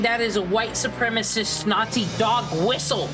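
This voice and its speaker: A woman's voice: on the high side, fairly even intonation, moderate pace, music in the background. A young adult woman streamer giving sarcastic, mocking commentary with profanity and mock concern. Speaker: streamer reacting to videos.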